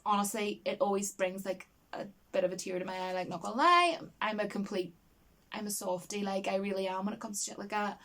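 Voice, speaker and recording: A woman's voice: medium pitch, a little fast. A woman in a casual film review chat, talking in a rambling, enthusiastic way with many restarts and fillers. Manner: enthusiastic and expressive, laughs easily.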